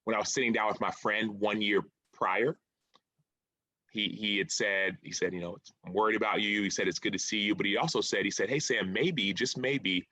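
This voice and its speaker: Bright-voiced man telling his story. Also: lowish voice, no room sound, low-quality recording. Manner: earnest, reflective, repeats phrases. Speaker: author and former football player. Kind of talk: interview, storytelling.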